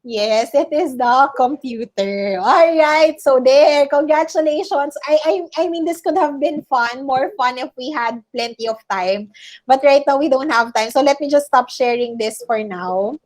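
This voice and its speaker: Filipino woman teacher on a video call, high bright voice, echoes each student answer as a question. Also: normal speed. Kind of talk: online class game, mixing English and Filipino.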